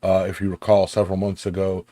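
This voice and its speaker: A man's voice: low voice, completely flat delivery, fast, warm tone, no echo. A man hosting a podcast in casual, joking chat, full of fillers and restarts. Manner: laid-back, filler-heavy and joking. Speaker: podcast host.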